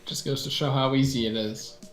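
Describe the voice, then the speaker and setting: Relaxed male gamer, mid-range voice, roomy echo, game music behind. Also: mid-range voice, brisk. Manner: laid-back, idly chatty. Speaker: game streamer. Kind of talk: casual gaming chat.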